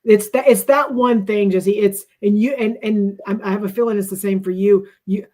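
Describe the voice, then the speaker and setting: A woman's voice: medium pitch, fairly even intonation, normal speed, warm tone. Emphatic woman co-host giving advice. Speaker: co-host of a live show. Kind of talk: casual live-stream chat.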